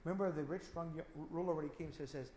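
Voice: medium pitch, fast, darkish tone, a little hiss or hum. Emphatic preacher in an echoey room. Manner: emphatic, with strings of rhetorical questions. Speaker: Bible teacher. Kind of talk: verse-by-verse sermon.

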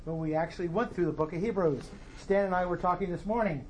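A man leading a Bible study, explaining verses in a relaxed teaching way and posing rhetorical questions to his class. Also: high voice, quick pace, a little hiss or hum.

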